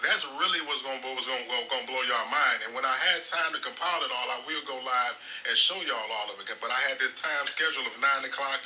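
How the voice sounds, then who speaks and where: A man's voice: medium pitch, fast, few pauses, sharp tone, a little hiss or hum, rough recording. A man hosting a live stream, talking bluntly in a streetwise way, swearing freely and rambling with restarts. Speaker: livestream host. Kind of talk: casual live-stream talk.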